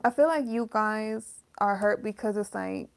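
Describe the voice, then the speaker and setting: A woman's voice: mid-range voice, unhurried, a little hiss or hum. A woman giving a casual, emotional tarot reading, talking straight to her viewers with some swearing. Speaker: tarot reader.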